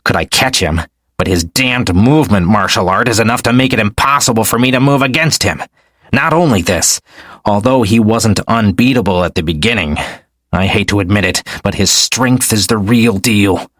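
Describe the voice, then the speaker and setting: A man's voice: lowish voice, moderate pace, a bit bright, no echo, studio quality. A man voicing a resentful, scheming young nobleman who speaks tensely through gritted teeth. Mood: bitter. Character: ambitious young male noble, bitter and scheming.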